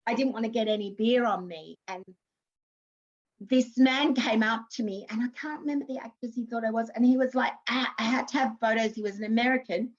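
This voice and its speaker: Australian actress in her fifties, guest on an interview show; chatty, high-ish voice, muffled lo-fi recording. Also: fairly quick. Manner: chatty, warm anecdotes with laughs and restarts. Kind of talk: casual interview storytelling.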